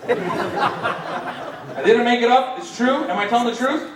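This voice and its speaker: A man's voice: extremely high pitch, lively intonation, takes it slowly, long pauses. A man of Palestinian heritage performing a stand-up set, teasing the crowd with mock-scolding and playful rhetorical questions. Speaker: stand-up comedian. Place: large banquet hall. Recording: echoey hall, distant mic, crowd laughter. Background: audience laughter.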